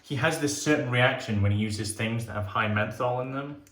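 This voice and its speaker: A man's voice: mid-range voice, normal speed, a bit bright. A man hosting a shaving vlog, talking casually and chattily while he shaves, swearing now and then when he is enthusiastic. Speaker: shaving channel host. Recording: roomy, echoey sound.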